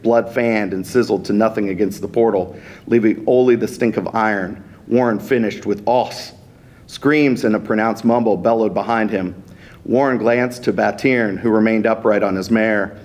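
A man, an author, reading his fantasy story aloud in a steady, unhurried narration. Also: lowish voice.

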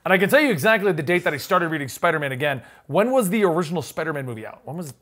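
A man's voice: fairly high pitch, expressive, very fast, a bit bright. A man hosting a casual comics podcast, teasing his co-host and reading a list aloud.

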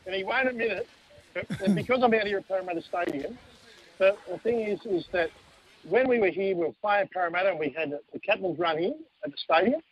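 High-voiced jokey man. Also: fast talker, rough recording. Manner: jokey, animated storyteller acting out quotes. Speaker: guest, former team manager. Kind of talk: casual storytelling on a radio show.

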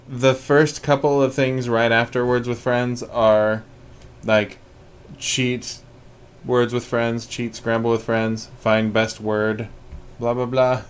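A man's voice: medium pitch, clean tone. A man with a mid-range voice co-hosts a casual podcast. He talks in a dry, joking way and throws out offhand ideas. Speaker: podcast co-host.

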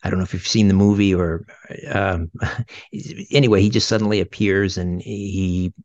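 Low-voiced male interview host, casual asides, muffled lo-fi sound. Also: moderate pace, a little mellow, no room sound. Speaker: radio show host.

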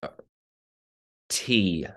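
A middle-aged man from New Jersey, a Broadway actor being interviewed, telling stories in an animated way and acting out the voices of the people he quotes. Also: drawn-out words. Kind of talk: conversational interview.

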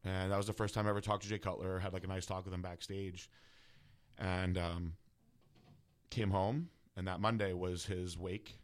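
Male guest, deep voice, candid profane personal story. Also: little pitch movement, moderate pace. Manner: casual, profane, heavy use of filler words. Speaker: guest bodybuilder.

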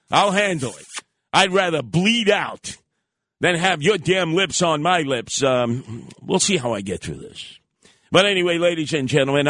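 A man hosting a radio talk show, telling stories in an animated, heated way. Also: a little high, no echo, studio quality. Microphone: studio microphone.

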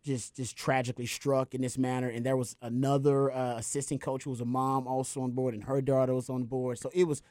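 A man co-hosting a sports talk show, chatting casually and animatedly retelling a story, his voice jumping higher when he quotes others. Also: little pitch movement, fairly quick, few pauses, a little mellow, no echo, clean studio sound. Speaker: podcast co-host. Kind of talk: casual chat.

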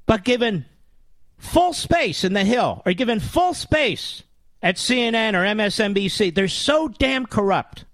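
A man's voice: high-pitched, lively intonation, measured pace, fairly bright tone, dry recording. Combative, sarcastic talk radio host man. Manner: combative and sarcastic, with mocking nicknames. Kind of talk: political talk radio monologue.

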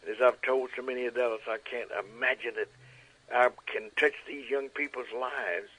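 A man in his nineties telling stories as an interview guest, animated and acting out quotes. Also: medium pitch, normal speed, breathy edge, low-quality recording. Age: 90s. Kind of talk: storytelling interview.

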